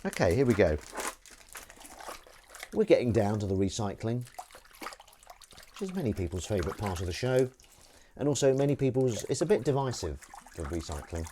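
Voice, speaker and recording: A man's voice: on the low side, very animated, normal speed, pauses often, mellow, slight background noise. A man hosting a livestream from his kitchen, chatting casually and jokingly while reading out viewer comments. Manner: rambling, jokey, reading out chat comments. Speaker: livestream host. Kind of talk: casual chat while washing up.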